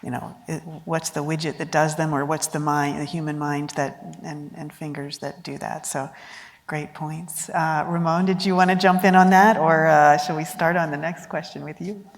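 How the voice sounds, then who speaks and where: Deep, gravelly-voiced woman moderating a panel. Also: fairly even intonation, moderate pace. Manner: friendly, laughs often, poses questions. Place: large conference hall. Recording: long reverb of a large conference hall.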